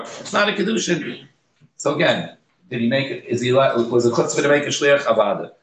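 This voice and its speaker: A man teaching a Talmud class in a lively manner, explaining passages and acting out examples. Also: a little high. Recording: echoey room.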